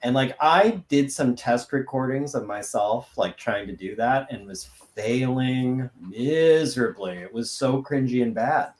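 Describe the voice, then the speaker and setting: A man's voice: mid-range voice, lively intonation, unhurried, hardly any pauses. A man chatting casually with friends on a livestream, thinking aloud with lots of fillers. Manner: rambling, thinks aloud with many likes. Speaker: livestream host. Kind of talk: casual chat. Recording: echoey room.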